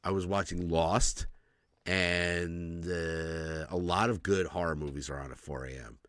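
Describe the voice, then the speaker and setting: A man's voice: sits low, fairly even intonation, unhurried, a bit bright, no room sound, studio quality. A man in his forties co-hosting a podcast, telling stories in casual chat, swearing freely and laughing often. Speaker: podcast co-host.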